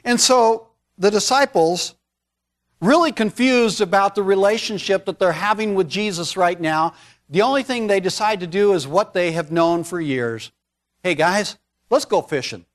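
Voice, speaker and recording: High-voiced man preaching folksy sermon. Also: normal speed. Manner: conversational, folksy asides. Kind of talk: storytelling sermon.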